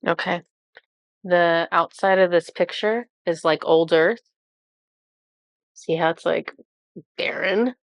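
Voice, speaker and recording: A woman with a low, gravelly voice reads oracle cards aloud and channels what she senses for her viewers. She has a cold and speaks haltingly, pausing often and breaking into awestruck exclamations. The sound is dry and close. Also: no room sound. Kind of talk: intuitive card reading to viewers.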